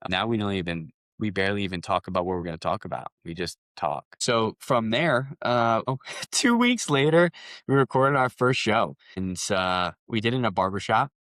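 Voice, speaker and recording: A man's voice: on the low side, lively intonation, normal speed, fairly bright tone, dry recording. A man, a company founder guest on a podcast, telling rambling anecdotes in a casual interview, with restarts and quoted dialogue.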